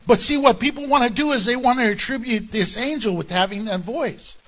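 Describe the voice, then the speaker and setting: A man preaching a sermon in an animated, conversational way, with jokes and asides to the congregation. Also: very high voice, brisk. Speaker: pastor.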